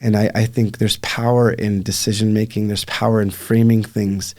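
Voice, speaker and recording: A man with a fairly low voice speaks earnestly and reflectively as a podcast guest. He tells a painful family story with frequent pauses and fillers. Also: level tone, a little mellow. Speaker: podcast guest, life coach. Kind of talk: emotional personal storytelling.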